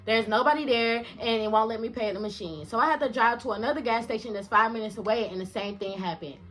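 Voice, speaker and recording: A young woman tells a storytime vlog story, cussing freely and sounding exasperated. Her voice sits somewhat high and comes across bright and sharp. She talks casually and animatedly. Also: fast talker, soft background music. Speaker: indie rap artist telling a story.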